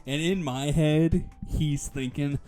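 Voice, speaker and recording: A man giving a casual spoken movie review, animated, often acting out characters' lines in a raised voice. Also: on the high side, slow pace, faint music behind.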